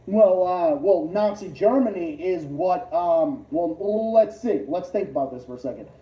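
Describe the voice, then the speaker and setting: A man hosting a livestream, ranting casually, profane and combative, jumping between loud outbursts and low mutters. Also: expressive, a little slow. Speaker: livestream host. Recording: muffled, roomy, distant lo-fi mic.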